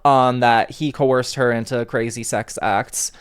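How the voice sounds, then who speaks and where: A man's voice: mid-range voice, fairly even intonation, measured pace, smooth. A man co-hosting a podcast from his own room, talking in a laid-back, profane way with lots of laughs and "dude". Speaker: podcast co-host. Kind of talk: casual podcast chat. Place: own bedroom at home.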